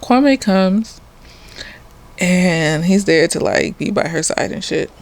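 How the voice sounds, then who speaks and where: A woman's voice: fairly low pitch, expressive, takes it slowly, creaky. A slightly tipsy woman, a therapist, casually recapping a TV episode in a rambling, profane way. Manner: rambling, profane, laughs often.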